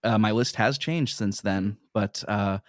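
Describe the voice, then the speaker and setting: Low-voiced man, halting podcast guest. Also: dry recording, studio quality. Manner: rambling, halting with many fillers. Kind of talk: casual chat.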